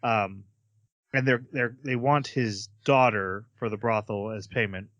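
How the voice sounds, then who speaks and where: A man's voice: fairly low pitch, unhurried, a bit bright, no echo, highs cut off. A man hosting a podcast, casually recapping an episode in a chatty way with many fillers. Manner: chatty, hesitant with fillers, acts out quotes. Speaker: podcast host.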